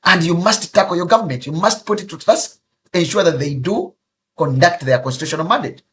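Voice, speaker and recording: Forceful South African man condemning violence. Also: high voice, animated, brisk, slight background noise. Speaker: politician. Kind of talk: speech to press.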